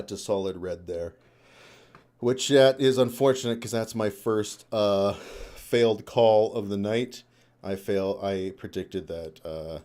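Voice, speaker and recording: A man's voice: fairly low pitch, dark tone. A young man live streaming, chatting casually and rambling, swearing and laughing often. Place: home room.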